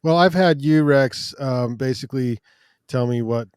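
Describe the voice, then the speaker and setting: A man's voice: mid-range voice, unhurried, darkish tone, clean tone, no room sound, clean studio sound. A man co-hosting a casual finance podcast, with easygoing, joking asides. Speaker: podcast co-host.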